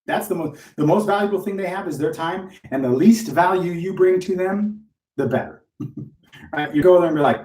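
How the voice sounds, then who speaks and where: A man's voice: high-pitched, moderate pace, echoey room, recorded from a distance. A man coaching real estate agents in a live-streamed training talk, speaking bluntly and cursing freely. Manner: blunt, profane, animated.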